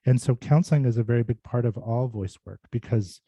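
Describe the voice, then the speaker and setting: A man's voice: mid-range voice, fairly quick, dark tone, slightly rough, dry recording, dull audio. A man who works as a speech and voice clinician, giving a casual, thoughtful talk full of fillers and restarts over a video call. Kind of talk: casual informal presentation.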